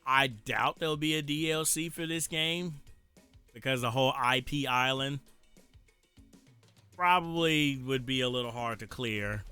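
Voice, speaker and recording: Man with a country accent, bright voice. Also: medium pitch, clear, resonant tone, soft background music. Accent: rural American country accent. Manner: rambling, frequent "uh" pauses, easy laughs. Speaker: streamer. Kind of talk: casual gameplay stream commentary.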